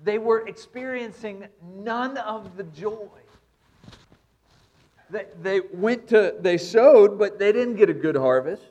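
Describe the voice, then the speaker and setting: A pastor preaching a sermon, reading scripture and repeating points with emphasis. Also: male voice, high-pitched, takes it slowly, a little mellow, muffled recording.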